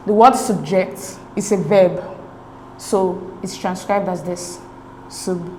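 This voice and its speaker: In a recorded exam-prep session, a woman tutors English, working through each answer step by step and asking "okay?" along the way. Her fairly low, darkish voice moves slowly, captured on a low-quality, roomy recording with a little hiss or hum.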